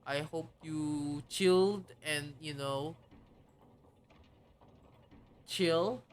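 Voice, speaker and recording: A woman streaming live, chatting casually and bubbly, greeting her chat with excitement. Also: low voice, slow.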